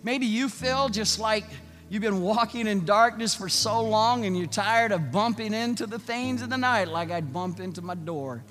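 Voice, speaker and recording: A man preaching a sermon as pastor, swinging from loud, rapid urging to soft, slow passages. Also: high-pitched. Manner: building to loud, fast repeated urgings, then dropping soft and slow. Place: church sanctuary. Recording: long church reverb with soft music.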